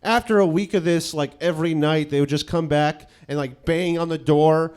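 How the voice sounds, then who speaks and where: A man's voice: fairly high pitch, normal speed, darkish tone, clean tone. Profane self-mocking comic storyteller, a man. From New York City. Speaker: comedian. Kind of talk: comedic personal storytelling.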